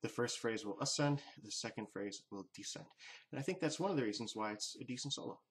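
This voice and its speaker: A male music teacher walks learners through a lesson on improvising. His pitch sits in an ordinary middle range. He explains calmly and methodically, like a patient instructor. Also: fast.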